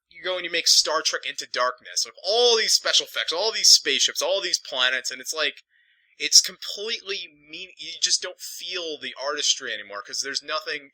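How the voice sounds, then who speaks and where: A man's voice: on the high side, bright, forceful tone, no room sound, rough recording. A man reviewing films in a casual, digressive, profane ramble. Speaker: film reviewer.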